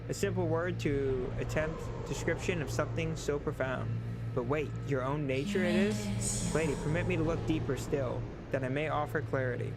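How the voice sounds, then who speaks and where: Ancient caged bug lady, slow and solemn, a stuffy-nosed guy reading her, loud game music behind. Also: on the high side, lightly acted, low-quality recording. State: congested. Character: ancient caged female weaver-kin creature, calm and wise.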